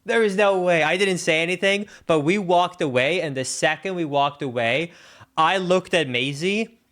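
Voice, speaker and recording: A man's voice: a little high, moderate pace, a bit bright. A young man, a streamer telling a story in casual chat, rambling with lots of fillers. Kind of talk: casual chat while gaming.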